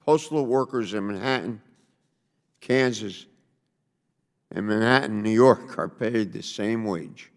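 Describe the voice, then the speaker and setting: A congressman from New Jersey giving a prepared statement at a hearing in a measured, deliberate way. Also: lowish voice. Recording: long reverb of a hearing room.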